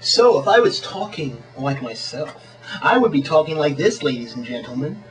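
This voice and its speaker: A man doing a crude, deadpan comedy monologue in a rambling way. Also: a little high, normal speed, far from the mic, faint music behind, low-quality recording. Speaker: amateur comedy video maker.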